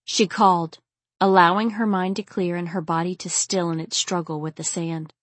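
Low-voiced woman narrating an audiobook. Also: flat delivery, normal speed, no echo.

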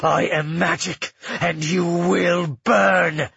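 A man voicing a vengeful male fire spirit trapped inside another man, hissing and growling threats in a dull, dry, husky recording. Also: mid-range voice, takes it slowly, pushed and bright, no room sound, heavily acted. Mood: raging.

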